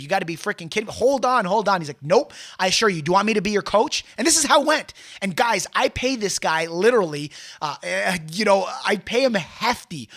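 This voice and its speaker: Guy with a fairly high voice, sales coach, rambling story, lots of "i'm like, he goes". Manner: animated, retells dialogue with many restarts. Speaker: sales coach and show host. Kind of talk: casual storytelling monologue.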